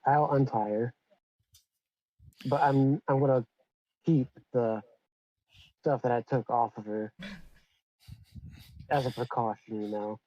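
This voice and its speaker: Mellow-voiced man, polite and measured. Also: mid-range voice, steady tone, no room sound. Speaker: player. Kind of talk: casual tabletop game chat. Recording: dull lo-fi mic.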